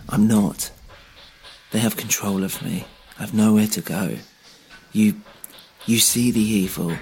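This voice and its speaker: A man voicing a frightened, injured middle-aged man with a German accent, speaking in halting, desperate bursts in a spoken-word story. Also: on the low side, a little mellow, a little hiss or hum.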